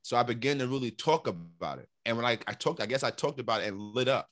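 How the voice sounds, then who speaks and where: A middle-aged man from New York telling his story in a casual interview, animated and repeating words as he acts out what others said. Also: medium pitch, fast, no echo, studio quality. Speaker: interview guest.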